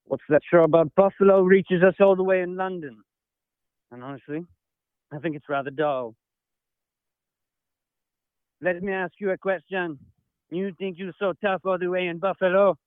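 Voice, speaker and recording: A man's voice: high-pitched, moderate pace, pauses often, clean tone, dry recording, voice pushed up, lightly acted. A man voicing an exaggerated, snooty caricature of a Frenchman and a German over a tinny phone line. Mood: mocking. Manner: exaggerated comic foreign-accent caricature.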